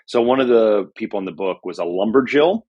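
A man's voice: on the low side, expressive, brisk, a little mellow, husky, lo-fi sound. A middle-aged man being interviewed as an author, reflective and storytelling, with frequent fillers. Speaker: author and journalist guest. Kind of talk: conversational interview.

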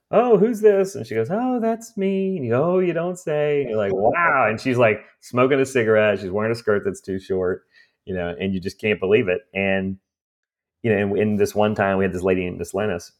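A fast-talking man with a lowish voice owns an estate cleanout business and tells stories from running home cleanouts during a conversation. He's an animated storyteller who acts out the voices of the people involved.

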